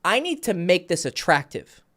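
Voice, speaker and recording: The voice swings up and down in pitch and stays animated. He is a man coaching a caller on a livestream, with blunt, foul-mouthed advice that hops from one thought to the next. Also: moderate pace. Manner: jumps between thoughts. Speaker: dating coach.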